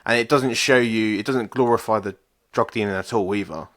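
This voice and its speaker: A chatty man on a podcast, talking through things at length. His voice is low but has a bright, forceful edge, and he swears in passing. He sounds like he is recommending something to a friend. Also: fairly quick. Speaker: podcast co-host. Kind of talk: casual chat.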